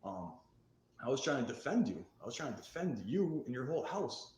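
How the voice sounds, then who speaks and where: A man telling a candid story about his past addiction and recovery, getting fired up and swearing as he acts out what was shouted. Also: mid-range voice, very animated, a little fast, echoey room, a little hiss or hum, low-quality recording.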